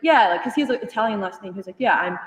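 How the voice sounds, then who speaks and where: A young woman retelling a conversation to a study group, animated and full of fillers, laughing as she goes. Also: mid-range voice, very fast, slight background noise. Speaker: union member sharing at a study group. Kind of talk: casual storytelling in a group discussion. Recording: echoey hall, voice from far off.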